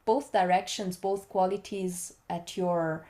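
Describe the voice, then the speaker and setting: Slow, calm woman coaching voice. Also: fairly low pitch. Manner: slow, calm, exploratory speech. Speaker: guest voice and body coach. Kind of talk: reflective podcast conversation.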